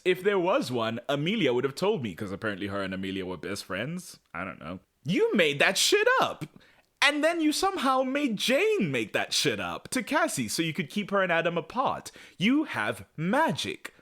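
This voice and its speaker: A man co-hosting a podcast, recapping a TV episode in casual chat, sarcastic and quick to act out the characters. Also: medium pitch, fairly bright tone. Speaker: podcast co-host.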